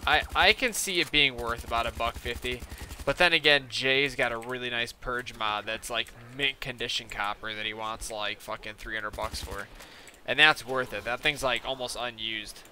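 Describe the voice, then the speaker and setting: A young man chats casually while playing on a gaming live stream, rambling through a story full of fillers and quoted back-and-forth. His mid-range voice moves at normal speed, sounding pushed and bright, with a little hiss or hum.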